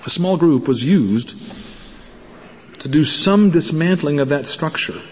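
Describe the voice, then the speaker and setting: A man's voice: a little high, animated, measured pace, in a large hall, highs cut off, slight background noise. A man giving an earnest talk to pastors, telling stories and acting out the voices of the people in them. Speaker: speaker addressing pastors. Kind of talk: conference talk with storytelling.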